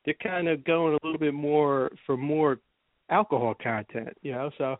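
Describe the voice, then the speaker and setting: A man's voice: a little high, fairly even intonation, moderate pace, no echo. Storytelling man on a tinny line. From New Jersey. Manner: rambling storyteller, laughs often. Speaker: podcast host. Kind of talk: casual chat. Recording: tinny phone-like sound, dry.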